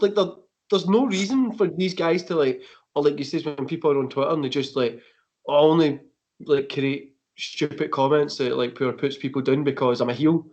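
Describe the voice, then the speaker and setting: A man's voice: fairly high pitch, normal speed, darkish tone. A Scottish man, a wrestler and podcast guest, talking bluntly with swearing and lots of "like". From Scotland. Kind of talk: casual chat. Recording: dull lo-fi audio.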